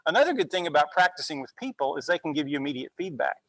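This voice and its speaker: A male university instructor giving a relaxed classroom lecture, often checking in with "okay?" as he goes. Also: fairly high pitch, rapid-fire, hardly any pauses, no echo, poor audio. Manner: conversational, frequent "okay?" check-ins.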